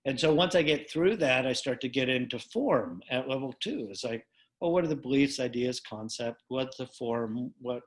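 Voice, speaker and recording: A man's voice: medium pitch, moderate pace. A middle-aged man teaching a coaching method in casual conversation, playful and acting out both sides of short dialogues.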